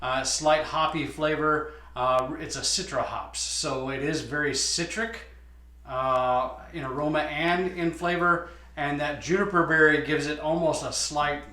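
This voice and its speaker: Guy talking about his wines, bright tone, lots of uh's, roomy echo. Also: a little high, fairly even intonation, a little slow. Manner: explanatory, many "uh" fillers. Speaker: winemaker. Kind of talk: casual wine tasting chat. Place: winery. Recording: echoey room.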